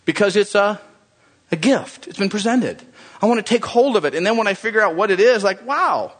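A man preaching a sermon as pastor, animated and conversational, joking with his congregation. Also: high voice, a little fast, husky.

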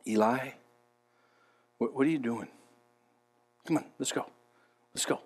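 A man voicing God as a gentle, delicate whispering voice calling softly to a weary prophet. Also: mid-range voice, a little slow, pitched below the performer's own voice. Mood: coaxing. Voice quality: soft, breathy whisper. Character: God as a gentle, hushed male voice.

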